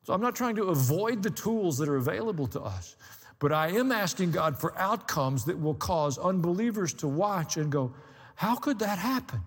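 Man, pastor, sermon, high-pitched voice, dry humor, long reverb. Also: animated, moderate pace, breathy edge. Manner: conversational preaching with dry humor and rising emphasis.

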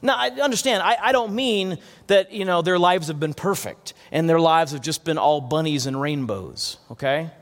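A man's voice: on the high side, lively intonation, moderate pace, few pauses. A man preaching a sermon as pastor, earnest, often restarting and repeating words. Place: church hall. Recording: long hall reverb.

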